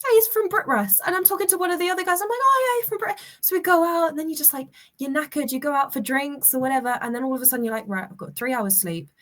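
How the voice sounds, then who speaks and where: A woman's voice: sits high, racing, hardly any pauses. A woman telling stories as a guest in a casual chat, restarting sentences as she goes. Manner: chatty storyteller with many restarts.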